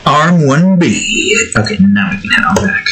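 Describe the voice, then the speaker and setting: A man's voice: fairly high pitch, sing-song, normal speed, sharp tone, slight background noise, low-quality recording. A man chatting casually while he draws, in a rambling, improvised and self-deprecating way. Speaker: YouTube artist. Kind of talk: casual commentary while drawing.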